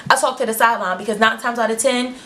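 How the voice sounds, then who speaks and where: A woman's voice: fairly high pitch, steady tone, fast, sharp tone. A young woman telling a story on her vlog, blunt and frank, with slang and swearing, acting out the other people in it. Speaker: vlogger.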